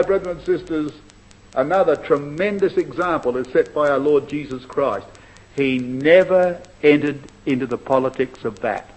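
Lively preacher, lo-fi recording. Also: male voice, a little high. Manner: expository Bible preaching, addresses brethren and sisters. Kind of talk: sermon. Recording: dull lo-fi recording.

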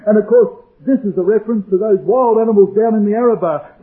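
A fervent male preacher delivers a sermon in a notably high voice, dropping to hushed asides and then rising to booming declarations. The sound is thin and tinny, like an old recording heard over a phone line. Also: fast talker, few pauses.

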